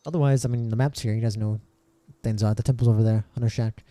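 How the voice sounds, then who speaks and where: A man narrating a tabletop role-playing game as game master, relaxed and halting with many fillers. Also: mid-range voice, dry recording.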